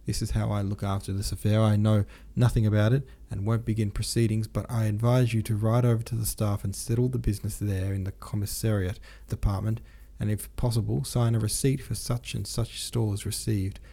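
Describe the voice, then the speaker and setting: A cautious regimental commander giving careful advice in a measured way, as a man reads him aloud. The voice is low and mellow. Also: level tone, gravelly. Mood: warning.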